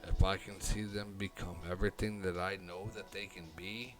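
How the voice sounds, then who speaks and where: A man streaming alone, talking through his thoughts in a rambling, halting way, often swearing and putting on a southern drawl. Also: deep voice, flat delivery. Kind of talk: casual live-stream monologue. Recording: loud music behind the voice.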